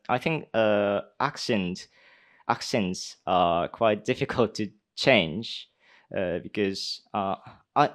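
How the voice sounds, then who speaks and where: Slow, halting young man. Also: fairly low pitch. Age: young adult. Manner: halting, many pauses and fillers. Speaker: speech contestant answering judges. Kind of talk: live Q&A answers.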